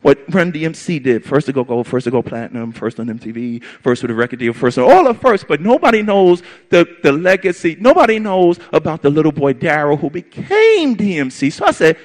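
A man telling a personal story to an audience, animated and emphatic, with lots of repetition. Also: a little high, fast, hardly any pauses. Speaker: storyteller on stage.

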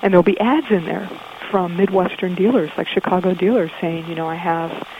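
A woman's voice: on the low side, brisk, noisy background. A woman guest in a radio interview, explaining in a thoughtful way with frequent ums, heard through dull, muffled audio.

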